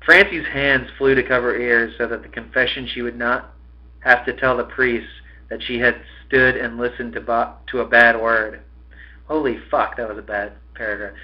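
A man's voice: mid-range voice, muffled recording. Man reading a novel aloud expressively. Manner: expressive reading, breaks off to swear at his own slips. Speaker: podcast host reading a novel.

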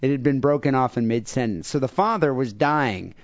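Male podcast co-host, mid pitch, reads crime news with crude asides. Dry, slightly muffled lo-fi sound. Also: brisk, dry recording. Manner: reads news stories aloud with crude jokes. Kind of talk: casual podcast chat. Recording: dull lo-fi podcast audio.

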